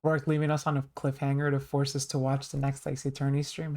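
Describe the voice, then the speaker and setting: A woman's voice: very deep voice, level tone, a little fast, few pauses, darkish tone. A young woman streaming a game, chatting casually and self-deprecatingly with her viewers. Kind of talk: casual chat while playing.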